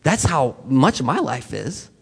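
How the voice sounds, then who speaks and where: A man's voice: mid-range voice, sing-song, a little slow, vocal fry, husky. A man preaching a sermon to his congregation in a conversational way, often putting questions straight to the people in the pews. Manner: conversational, quizzes the congregation directly. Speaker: pastor. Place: church sanctuary. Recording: long reverb of a large hall.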